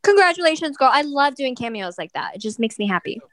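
Woman, co-host, lively and blunt, swears a lot, slightly high voice. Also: fast talker. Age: adult mother of school-age kids. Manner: animated and blunt, swears freely. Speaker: podcast co-host. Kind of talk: casual chat.

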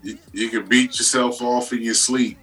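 A man co-hosting a podcast, talking in a crude, animated, casual way. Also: mid-range voice, normal speed, distant mic, rough recording. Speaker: podcast co-host. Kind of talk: casual chat.

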